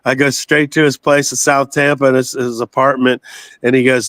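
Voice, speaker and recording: A man's voice: mid-range voice, level tone, moderate pace, a bit bright, no echo. A man in his sixties from the United States, a guest telling long rambling stories in a casual interview and swearing freely. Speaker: guest, metal singer.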